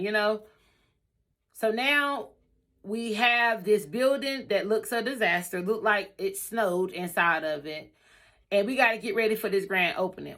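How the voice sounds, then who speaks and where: A woman telling her own story in a casual vlog, animated and emphatic, often repeating herself. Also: medium pitch. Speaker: storyteller vlogger.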